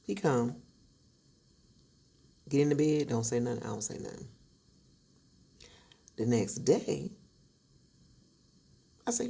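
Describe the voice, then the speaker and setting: A woman's voice: very deep voice, big pitch swings, slow, vocal fry, long pauses, dark tone, slightly rough. A woman telling a true story in a dramatic, sassy storytime style, acting out each voice. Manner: dramatic, sassy, acts out every voice. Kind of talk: animated storytime.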